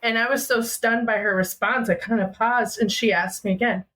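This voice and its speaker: A woman's voice: fairly high pitch, normal speed, poor audio. A young woman from Minnesota telling a personal story as a podcast guest, acting out what family members said. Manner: animated, acting out family dialogue.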